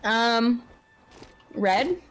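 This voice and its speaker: A woman's voice: fairly high pitch, lively intonation, extremely slow, a little hiss or hum. A woman chatting casually on a charity gaming stream, thinking aloud about her moves.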